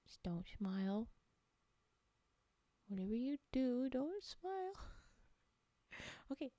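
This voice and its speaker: Her voice sits high and swings widely in pitch as she playfully chats with viewers on her ASMR stream. Soft-spoken and unhurried, she drops to a whisper often and giggles a lot, captured in a dry recording.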